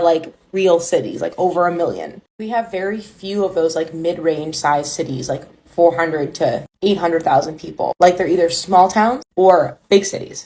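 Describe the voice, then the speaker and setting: A woman's voice: on the low side, darkish tone, low-quality recording. A woman from Canada talking casually to camera, ticking through a list with lots of filler words. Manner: chatty, lists points with lots of "like" fillers. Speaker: content creator.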